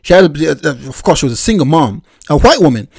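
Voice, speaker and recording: Nigerian-born guy lecturing over a clip, very animated pitch, dry close sound. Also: quick pace, breathy edge, dry recording. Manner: lecturing, opinionated, laughs at the clip. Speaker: reaction video host. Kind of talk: commentary reacting to a clip.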